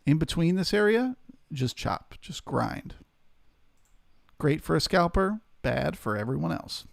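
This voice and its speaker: A man's voice: a little high, very animated, measured pace, creaky, no room sound, studio quality. A man hosting a live trading stream, steadily talking through market levels and greeting viewers in chat.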